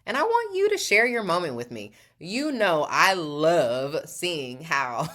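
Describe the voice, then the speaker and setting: A woman's voice: on the low side, fairly bright tone. A woman hosting a motivational show who talks in a playful, theatrical way, calls the listener darling and laughs often. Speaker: podcast host. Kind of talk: upbeat motivational talk.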